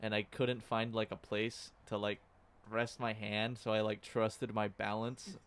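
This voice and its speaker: A man's voice: on the low side, level tone, unhurried, fairly bright tone, smooth. A young man co-hosting a podcast, casually telling a story and laughing between lines. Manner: laughs while telling stories. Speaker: podcast co-host. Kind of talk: casual chat.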